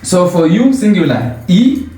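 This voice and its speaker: Slow, lively man teaching in an echoey room. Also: high-pitched. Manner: patient, questioning, repeats words for the learner. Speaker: language teacher. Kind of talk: informal language lesson.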